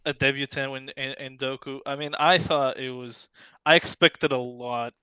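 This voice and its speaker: A man's voice: mid-range voice, little pitch movement, moderate pace, pushed and bright, clear, resonant tone, dry recording. A man joining a live fan stream as a guest, giving an enthusiastic, opinionated verdict on a match. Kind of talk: casual match analysis.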